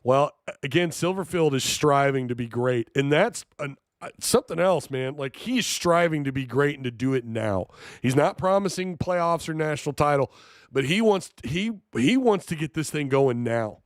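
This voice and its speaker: A man's voice: fairly high pitch, expressive, normal speed, no room sound, studio quality. A man hosting a live-streamed sports talk show, reading chat and reacting in an incredulous, jokey way.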